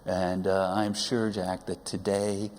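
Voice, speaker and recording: A middle-aged father giving a speech at his son's coming-of-age service in a synagogue, full of wry teasing humor and halting pauses. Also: low-pitched, little pitch movement, a little mellow. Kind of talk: personal speech at a religious service. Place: large synagogue sanctuary. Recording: long hall reverb.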